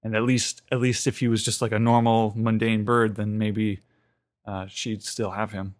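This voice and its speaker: A man's voice: on the low side, flat delivery, normal speed. A man co-hosting a podcast, casually recapping an episode with lots of fillers and restarts. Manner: rambling retelling with many fillers and restarts. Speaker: podcast co-host.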